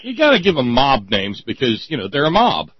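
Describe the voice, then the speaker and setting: A man's voice: mid-range voice, wildly swooping pitch, husky, no room sound, dull audio. A man hosting a political radio talk show, sardonic and colorful in his speech. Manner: sardonic, colorful, quick-witted.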